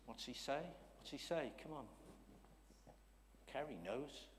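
A man preaching a sermon in a church, talking conversationally, checking in with the congregation and swinging from loud emphasis to hushed asides. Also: mid-range voice, a little slow, long reverb tail, background noise.

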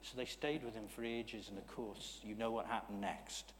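A man preaching a sermon in a church, talking conversationally, checking in with the congregation and swinging from loud emphasis to hushed asides. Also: lowish voice, steady tone, moderate pace, in a large hall, slight background noise.

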